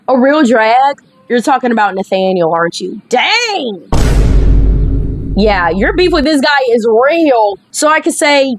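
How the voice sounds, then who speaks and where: A young woman gaming streamer plays a dating game, offering chatty, sassy commentary and reacting aloud. Her voice is on the high side and very animated yet measured in pace, on a rough recording with a little hiss or hum.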